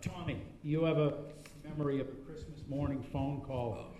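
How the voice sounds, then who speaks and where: A man's voice: a little high, steady tone, moderate pace, noisy background. A man moderating, asking the storytellers questions. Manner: asks questions. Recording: echoey room from far off.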